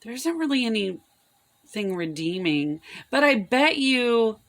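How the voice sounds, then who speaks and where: A woman's voice: fairly high pitch, sing-song, takes it slowly. A woman reviewing a film in a casual, rambling plot recap, full of fillers and restarts. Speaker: movie reviewer.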